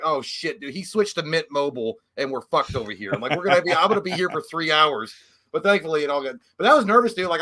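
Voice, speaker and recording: A man's voice: on the high side, pushed and bright. A man, co-hosting a casual chat and telling crude, joking stories full of acted-out quotes. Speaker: podcast co-host.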